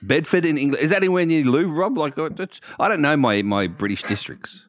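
A man hosting a podcast in casual, playful chat, animated and teasing. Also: on the high side, a little fast, slight background noise. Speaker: podcast host. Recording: dull, dry lo-fi sound.

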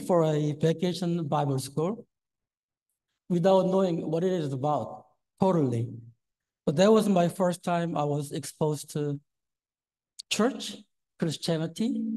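Older guy giving a sermon, shaky and nervous, lots of uhs, kinda high and soft. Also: low-quality recording. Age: 60s. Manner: nervous, hesitant, many fillers. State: trembling voice. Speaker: lay preacher.

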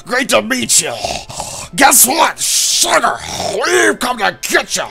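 Brief: bubbly teen girl, bright, slow syrupy drawl. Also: mid-range voice, very animated, gravelly, voice pushed up, full character voice. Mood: sugary, excited. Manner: slow, syrupy drawl, calls everyone sugar. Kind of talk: let's play character voice.

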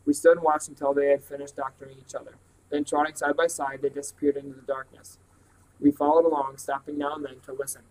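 Male reader, slightly high voice, steady storybook read-aloud. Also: fast talker, a little hiss or hum, poor audio. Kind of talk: reading a novel aloud.

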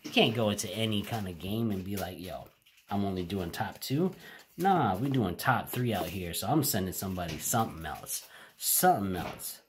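A man hosting a casual card-opening vlog from home, excitable and chatty, talking straight to his viewers. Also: deep voice, normal speed, slight background noise. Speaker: card-opening channel host. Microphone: home camera setup.

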